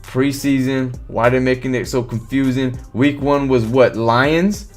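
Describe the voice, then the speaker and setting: Animated man talking football on stream. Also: mid-range voice, a little slow, hardly any pauses, soft background music. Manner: animated, swears, reads chat comments aloud. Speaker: live stream host. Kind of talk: casual sports talk on a live stream.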